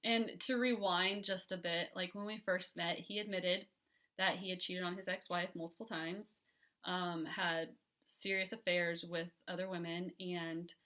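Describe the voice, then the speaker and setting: A woman speaks in a bright, fairly low voice as she retells a hard relationship story. She talks candidly, hesitates often and restarts her sentences, and fills the gaps with "like" and "um." The delivery is unpolished and personal. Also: fairly even intonation. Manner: candid, halting, many fillers and restarts. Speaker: podcast guest.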